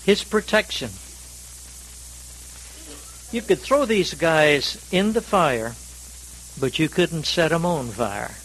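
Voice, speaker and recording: A man from North Carolina, preaching a sermon in a folksy, self-deprecating storytelling manner with dramatic swings in pitch and volume. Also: lively intonation, slow pace, pauses often, fairly bright tone, a little hiss or hum, poor audio. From North Carolina, USA. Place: church service.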